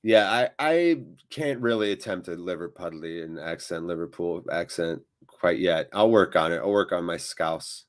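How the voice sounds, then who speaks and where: A man's voice: deep voice, normal speed, hardly any pauses. Chatty man hosting a live match watchalong. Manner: chatty, reacts loudly to big moments. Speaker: watchalong host. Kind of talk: live match commentary and chat reading.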